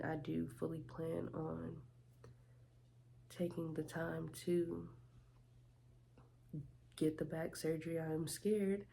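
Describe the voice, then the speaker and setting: A woman's voice: deep voice, creaky, warm tone, slight background noise. A young woman vlogging casually to camera, giving candid, heartfelt advice to other moms. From Las Vegas, Nevada.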